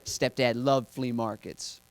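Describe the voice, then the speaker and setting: A man's voice: medium pitch, fairly even intonation, slow, clear, resonant tone, no room sound. A man doing an observational stand-up set in a dry manner on a handheld stage mic. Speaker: stand-up comedian.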